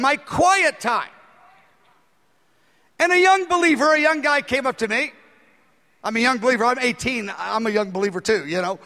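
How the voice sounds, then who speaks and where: Man preaching, very high voice, lively pitch, bright tone, echoing hall. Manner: animated, acts out dialogue in his story. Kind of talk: sermon storytelling. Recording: long hall reverb.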